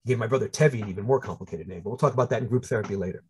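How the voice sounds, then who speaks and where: A man in his sixties with a New York accent, telling funny personal stories in a lively talk. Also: fairly low pitch, very fast, slight background noise. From United States. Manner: animated, humorous storytelling with voiced asides. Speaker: speaker. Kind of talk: storytelling talk.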